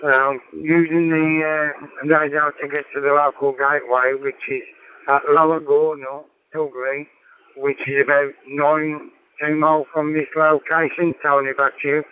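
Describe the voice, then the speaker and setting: A man on a ham radio call, describing his setup in a measured, technical way with fillers. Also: fairly high pitch, flat delivery, clear, resonant tone. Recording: tinny radio transmission.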